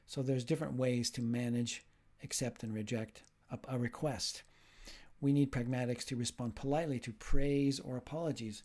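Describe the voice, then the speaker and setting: A man's voice: mid-range voice, fairly even intonation, normal speed, a little mellow. A man speaking as a linguistics professor in a recorded video lecture, explaining ideas step by step and acting out short example dialogues.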